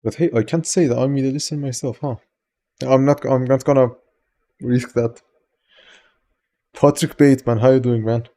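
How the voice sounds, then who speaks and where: A man's voice: mid-range voice, fairly even intonation, moderate pace, long pauses, dark tone. A man with a Persian accent, a native Farsi speaker, streaming live and casually greeting viewers by name, loose and joking with some swearing.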